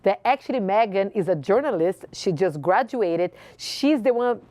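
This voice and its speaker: A woman's voice: mid-range voice, animated, moderate pace, dark tone, no echo. Brazilian-accented woman giving a passionate speech. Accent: Brazilian Portuguese. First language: Portuguese. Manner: passionate, repeats phrases for emphasis. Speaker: host. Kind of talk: inspirational speech.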